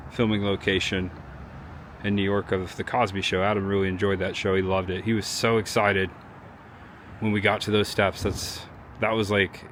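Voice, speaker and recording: Low-voiced man vlogging outdoors. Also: fairly bright tone. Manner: chatty, reflective, emotional. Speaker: travel vlogger. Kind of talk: casual vlog narration. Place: outdoors on city streets. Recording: outdoor street noise.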